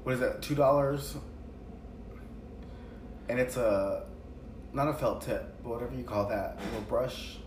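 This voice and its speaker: A man chatting casually and telling animated stories while doing makeup with a friend. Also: medium pitch, unhurried, long pauses. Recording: echoey room, distant mic, noisy background.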